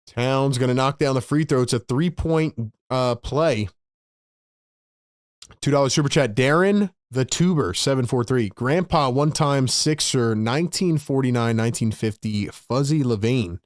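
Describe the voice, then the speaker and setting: A man hosting a fan livestream delivers excitable play-by-play and talks with his chat, breaking into sudden loud bursts of hype. His voice is medium-pitched and a little slow, captured in studio quality with no room sound.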